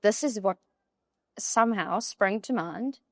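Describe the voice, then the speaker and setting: Woman, young adult, animated, mid-pitched voice, dry recording. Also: takes it slowly, no echo. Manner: animated, with many "like" fillers. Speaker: podcast guest. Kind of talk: emotional personal storytelling.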